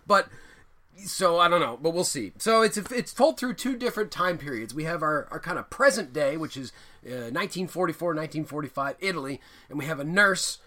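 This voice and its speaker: Bright, animated man co-hosting a podcast. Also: a little high, a little fast. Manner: animated, rambling, swears, laughs often. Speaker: podcast co-host reviewing films. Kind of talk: casual comedic chat.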